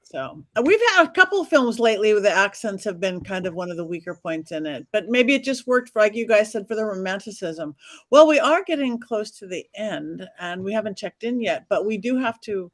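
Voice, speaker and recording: A woman hosting a film discussion stream, briskly steering the panel and speaking to the chat room. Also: mid-range voice, lively intonation, fairly bright tone, no room sound. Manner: brisk and organizing, addresses the chat. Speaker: host. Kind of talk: casual chat.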